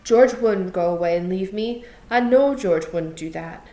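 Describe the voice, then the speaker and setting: A woman's voice: fairly high pitch, expressive, moderate pace, pitched above the performer's own voice, lightly acted. A woman doing Lennie, a raised, pleading farmhand. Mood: worried. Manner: pleading, insistent, simple speech. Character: huge childlike slow-witted farmhand, anxious man.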